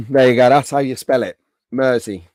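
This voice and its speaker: A chatty man hosting a live stream with a rough throat, clearing it often as he answers viewers by name. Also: medium pitch, fairly even intonation, moderate pace, a little mellow, no echo, studio quality. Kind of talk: casual live stream chat.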